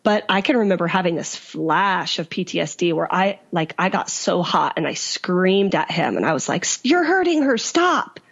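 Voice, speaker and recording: A woman's voice: fairly low pitch, creaky, highs cut off. A woman guest in an interview, earnestly recounting her own story and laughing easily between thoughts. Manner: earnest, quick to laugh, quotes others in lively bursts. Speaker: guest, author and survivor.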